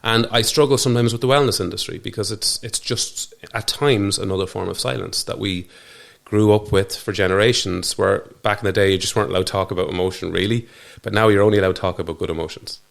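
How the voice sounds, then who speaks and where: An Irishman speaks earnestly as a guest in a reflective studio podcast interview, his lowish, creaky voice moving quickly with hardly any pauses. Intonation stays fairly even, though he often restarts or trails off mid-thought.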